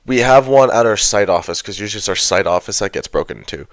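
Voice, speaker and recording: A man's voice: fairly low pitch, expressive, fast talker. A young man co-hosting a podcast, chatting casually in a laid-back, rambling way. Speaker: podcast co-host.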